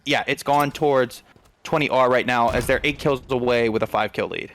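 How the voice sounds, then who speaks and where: A man giving play-by-play commentary on a competitive shooter match, quick and analytical, thinking aloud as he breaks down the game. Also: mid-range voice, a bit bright, slight background noise. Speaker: esports caster.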